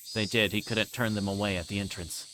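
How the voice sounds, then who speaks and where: A man reads visual novel narration aloud on a livestream, steady and plain. His voice is fairly low, with faint noise underneath. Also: quick pace. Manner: plain, steady reading with casual asides. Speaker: streamer reading a visual novel.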